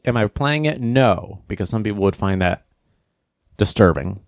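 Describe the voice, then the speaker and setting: A man hosting a podcast, telling a casual comic story and commenting on the news, acting out quotes in high voices. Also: lively intonation, normal speed, no room sound, studio quality. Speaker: podcast host.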